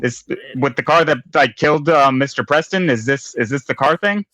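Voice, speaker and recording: A man's voice: mid-range voice, moderate pace, sharp tone, a little hiss or hum. A man playing a tabletop game, stumbling over his words and repeating himself. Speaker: player. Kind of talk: casual tabletop play.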